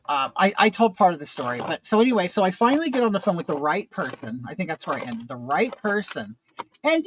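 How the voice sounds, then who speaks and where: A man's voice: high voice, a bit bright, no room sound, low-quality recording. Exasperated man rambling through a story. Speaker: vlog host. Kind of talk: casual chat.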